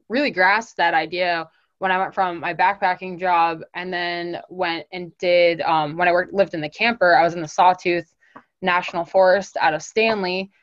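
Low-voiced woman, lively rambling guest. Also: no room sound. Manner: animated, laughing, rambling storytelling. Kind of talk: casual interview chat. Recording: dull lo-fi dry recording.

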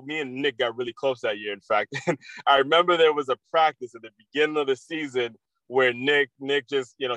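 A man's voice: mid-range voice, a bit bright, no room sound, low-quality recording. Candid, profane man talking casually. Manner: candid, profane, repetitive restarts. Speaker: podcast host. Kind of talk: casual monologue.

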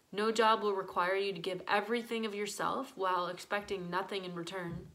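A woman's voice: medium pitch, fairly bright tone. A woman speaks to mothers in an earnest, encouraging devotional tone. Her voice sits in an ordinary middle range, and she leans on the word "just" as she reassures. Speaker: church speaker.

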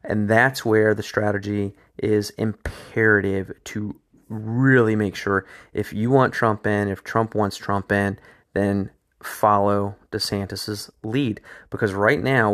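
A man's voice: on the low side, a bit bright. A man hosting a political commentary show, talking emphatically and restarting his phrases as he builds his points. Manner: emphatic, repeats words while building points.

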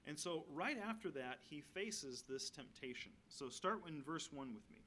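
A man's voice: a little high, animated, moderate pace, pushed and bright, a little hiss or hum. A man giving a guest sermon, reading scripture aloud and adding casual, humorous asides. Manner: conversational, asides and light humor between readings. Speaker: guest preacher.

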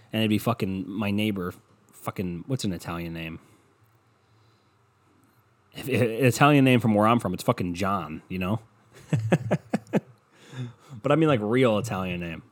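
A young solo podcaster with a lowish voice speaks at a moderate pace, leaving long pauses. Into his podcast mic he rants casually, rambling, sarcastic and swearing freely.

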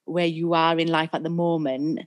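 A woman's voice: low-pitched, level tone, normal speed. A young woman with a Northern English accent co-hosting a podcast, talking casually and enthusiastically. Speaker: podcast co-host. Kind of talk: casual chat.

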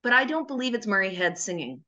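Woman, bright voice, podcast co-host, playful, casual chat. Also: mid-range voice, sing-song, fast talker, highs cut off.

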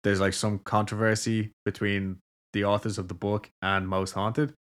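A man hosting a podcast in a relaxed, casual way, swearing freely and using lots of fillers. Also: on the low side, moderate pace. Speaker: podcast host.

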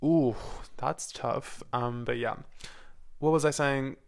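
Speaking slowly in a steady, creaky mid-range voice, this twenty-something music student rambles candidly on his solo podcast. Fillers come often, and he lets slip the odd swear word.

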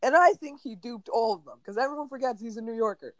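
A young man from New Jersey chatting casually as a podcast guest, telling animated stories full of acted-out quotes. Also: very high voice, fast talker, no echo. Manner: animated, exaggerated storytelling with mock quotes. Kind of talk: casual chat.

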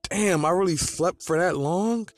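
A man playing a shrill, bossy teenage girl. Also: a little slow. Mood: shouting. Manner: yelling, exasperated.

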